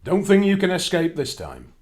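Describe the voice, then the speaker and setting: A man's voice: sits high, huge pitch swings, moderate pace, voice pushed up. A man voicing a huge male giant in a children's storybook reading, bellowing his threats. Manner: bellowing, shouting. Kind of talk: storybook narration.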